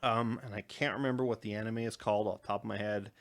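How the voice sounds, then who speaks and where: A young man co-hosting a podcast, chatting casually in a rambling, animated way and laughing often. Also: fairly low pitch, fast talker. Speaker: podcast co-host. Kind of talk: casual chat.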